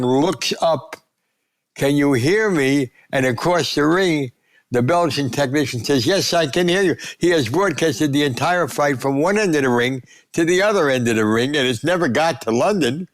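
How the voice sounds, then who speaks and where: A man in his nineties, a guest sportswriter, telling animated anecdotes and acting out the voices of people he quotes. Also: mid-range voice. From United States. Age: 90s. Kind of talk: storytelling interview.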